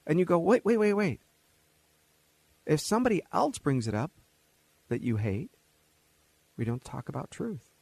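Gravelly man on a talk show. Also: a little high, normal speed, long pauses, no room sound. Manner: animated, mocking, acts out quoted voices with laughs. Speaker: radio show host. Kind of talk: opinionated talk radio monologue.

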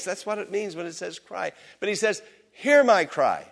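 A man's voice: high voice, big pitch swings, slow pace, gravelly, fairly bright tone, slightly rough. A middle-aged man preaching a sermon as pastor in a church, his voice swelling and dropping with passion. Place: church sanctuary.

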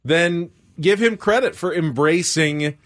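A man's voice: a little high, slow pace. A man co-hosting a morning radio show, reasoning things through in casual talk. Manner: thoughtful, reasoning aloud.

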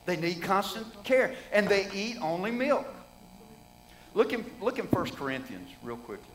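A man's voice: high-pitched, sing-song, moderate pace, poor audio. A middle-aged man preaching a sermon in a folksy, conversational way, asking the congregation rhetorical questions.

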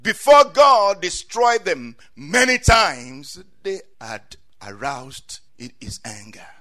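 Man, preacher, sermon, high voice, bright tone, dramatic rises and drops, frequent amens. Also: very animated, takes it slowly. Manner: dramatic swings between quiet asides and loud cries, frequent amens.

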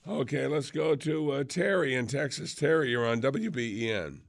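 Gravelly talk radio host, man. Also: medium pitch, animated, normal speed, no room sound, clean studio sound. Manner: chatty, joking, laughs easily.

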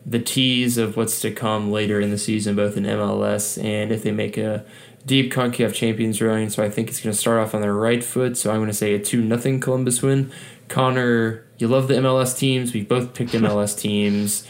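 A man co-hosting a casual sports podcast, talking in a relaxed, easygoing way. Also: lowish voice, moderate pace. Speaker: podcast co-host.

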